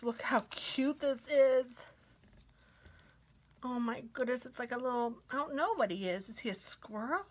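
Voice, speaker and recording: A woman craft vlogger chatting casually as she unboxes mail, gushing sweetly and sometimes dropping to a soft whisper. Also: medium pitch, a little hiss or hum.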